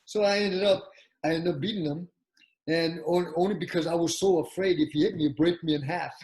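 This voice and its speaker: An older man tells a story from his youth in a loose, rambling way. He keeps restarting his sentences and slips into the voices of the people he quotes. His voice sits a little high for a man. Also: steady tone, fairly quick, darkish tone, rough recording. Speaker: martial arts champion telling his story. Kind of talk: casual spoken reminiscence.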